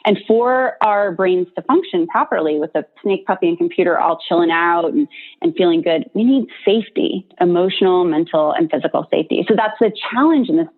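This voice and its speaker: A woman's voice: fairly low pitch, husky. A woman therapist explaining a topic in a casual, chatty way, full of "like" and "right?" as she checks in with listeners. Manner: casual and chatty, many fillers and tag questions. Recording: tinny phone-like audio.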